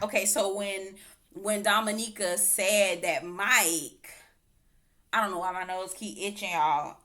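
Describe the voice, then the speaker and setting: A woman vlogger recapping a reality dating show on camera at home, her voice bright and forward. She talks in a chatty, gossipy way, acting out what people said with big swings in her voice. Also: mid-range voice. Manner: animated, quotes people in exaggerated voices, frequent laughs. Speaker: TV reviewer vlogger.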